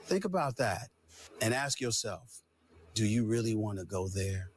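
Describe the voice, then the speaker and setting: A man giving heated, emphatic commentary, declaring his points forcefully in a husky voice. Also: on the low side, expressive, measured pace, a little hiss or hum. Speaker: sports commentator.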